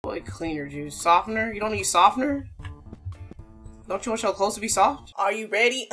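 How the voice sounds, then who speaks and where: A woman's voice: mid-range voice, moderate pace, faint music behind. A woman hosting a horror game channel, yelping at scares and teasing the game characters in slangy talk. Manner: loud, jumpy, yelps and shouts at scares. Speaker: gaming channel host.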